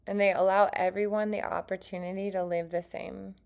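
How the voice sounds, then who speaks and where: A woman reads tarot cards for an online audience, mixing passages from her card book with her own chatty, earnest asides. Her voice sits at a middling pitch with a noticeable gravelly fry running through it. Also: flat delivery, a little fast, darkish tone. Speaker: tarot reader. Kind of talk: casual tarot reading to viewers.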